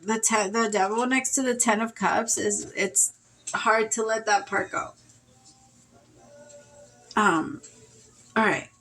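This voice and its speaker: A woman's voice: a little high, slow, pauses often, fairly bright tone, faint music behind. Emotional woman reading tarot. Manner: emotional, rambling, with sighs and laughs. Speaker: tarot reader. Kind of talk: casual spoken tarot reading.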